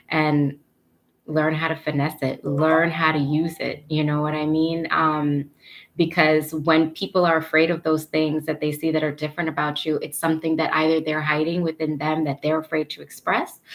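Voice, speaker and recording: A woman's voice: fairly low pitch, fairly bright tone. A woman giving a casual spiritual card reading, earnest and encouraging, rambling with lots of fillers and losing her thread. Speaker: tarot card reader.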